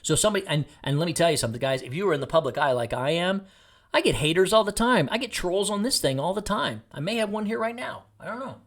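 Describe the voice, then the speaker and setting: A man's voice: sits high, lively intonation, quick pace. A middle-aged man from Texas, a podcast host giving a blunt, jokey motivational monologue.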